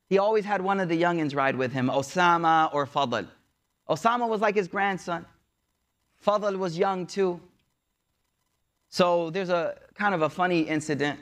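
A man preaching a story sermon in a casual, slangy way, moving between hushed, soft passages and excited bursts. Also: fairly high pitch. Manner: casual slangy preaching, recites Arabic verses quickly.

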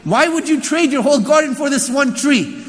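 A preacher voicing a stubborn, curt neighbor who brushes every offer aside. The voice sits high and carries a long hall echo. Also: male voice, lively intonation, normal speed, a bit bright. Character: stubborn male neighbor, refusing.

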